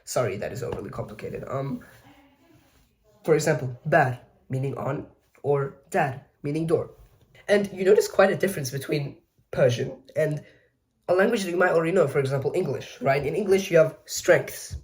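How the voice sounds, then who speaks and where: His voice is a little high and a little mellow, moving at normal speed. The man, a video essay host, gives a relaxed educational explainer with chatty, self-mocking asides and many mid-sentence corrections.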